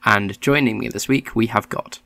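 Creaky, bright-voiced male podcast host. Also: fairly low pitch, moderate pace, dry recording. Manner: chatty, lightly ironic, with restarts. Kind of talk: casual political chat.

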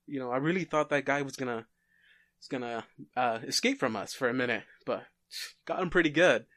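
A man's voice: medium pitch, a little fast, a bit bright, no room sound, natural voice. A cocky masked warrior speaks with breezy, mock-polite ease, voiced by a man telling a story. The delivery is casual and self-assured, with a dry, close sound.

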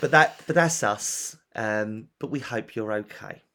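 A man's voice: on the low side, unhurried, pushed and bright. A man co-hosting a podcast, talking in a dry, joking, easygoing way in casual chat. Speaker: podcast co-host.

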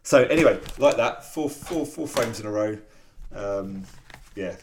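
A man's voice: fairly low pitch, lively intonation, unhurried, a little hiss or hum. A man co-hosting a podcast, chatting casually and rambling a little with fillers as he walks through comic strips. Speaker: podcast co-host. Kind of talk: casual chat.

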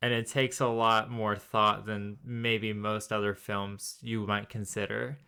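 A man's voice: lowish voice, level tone, a little slow, gravelly, sharp tone, clear, resonant tone. A man co-hosting a faith and film podcast, reflecting at length in a thoughtful, rambling way. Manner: thoughtful, rambling, many fillers. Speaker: podcast co-host. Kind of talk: casual chat.

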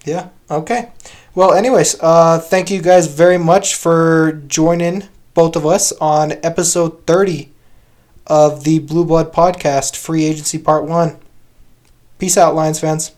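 A young man co-hosting a casual sports podcast, animated and slangy, talking in quick bursts. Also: fairly high pitch. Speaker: podcast co-host.

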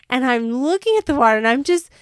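A woman co-hosting a podcast, telling a story in animated fashion, laughing and acting out her own panic. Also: high-pitched, no echo, studio quality. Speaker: podcast co-host. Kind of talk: casual storytelling chat.

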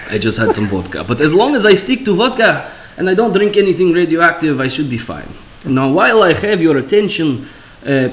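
A man putting on a Russian accent to play a Russian man pitching a cryptocurrency. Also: reverberant, a little hiss or hum, lightly acted.

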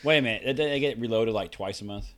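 A man's voice: mid-range voice, fast, a bit bright. A man co-hosting a podcast, chiming in with dry, wry remarks in casual chat. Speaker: podcast co-host.

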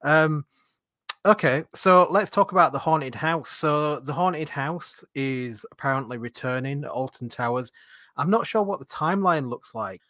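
A man's voice: fairly high pitch, unhurried, bright, forceful tone, no room sound, studio quality. A man with a Yorkshire accent who hosts a casual podcast and leads the talk with questions. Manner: chatty, leads the discussion with questions. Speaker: podcast host.

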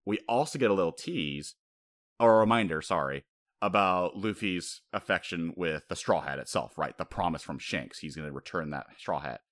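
A man co-hosting a casual chat, talking in an animated way, laughing often and acting out quotes. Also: low voice, normal speed.

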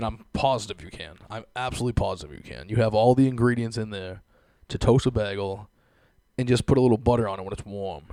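A man's voice: fairly low pitch, creaky, a little mellow, no echo. A young man hosting a podcast, ranting in casual, profane chat and laughing often. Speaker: podcast host.

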